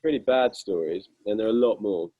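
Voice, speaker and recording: Husky low-voiced young man. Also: brisk, dry recording, narrow, tinny audio. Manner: self-deprecating, amused, rambling with many fillers. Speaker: guitarist guest. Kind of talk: casual interview storytelling.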